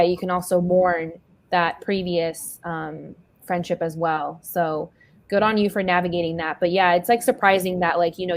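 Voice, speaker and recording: A woman podcast host responding thoughtfully and supportively, with measured pauses and frequent "um". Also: fairly low pitch. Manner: reflective, measured, filler "um". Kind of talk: supportive interview chat.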